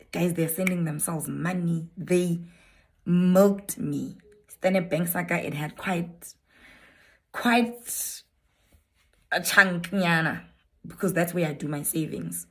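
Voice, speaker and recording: A South African woman recounts her own story straight to her viewers, candid and a bit rambling, now and then slipping into Setswana phrases. Her voice sits fairly low with a noticeable gravelly fry running through it. It feels like an unscripted storytime vlog.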